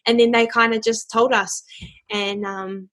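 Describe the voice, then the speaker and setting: A young woman from New Zealand talks through her story in a casual interview. Her voice sits a little high, and she is bubbly and chatty, with frequent laughs and fillers. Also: little pitch movement, unhurried, fairly bright tone. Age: young adult. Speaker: interview guest, voice actor and singer.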